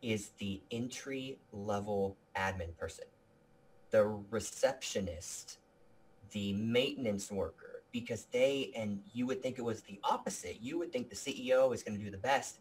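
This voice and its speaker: A man's voice: lowish voice, normal speed. A man being interviewed about his video production company, talking with energy and earnestness, often restarting his sentences. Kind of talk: casual interview talk.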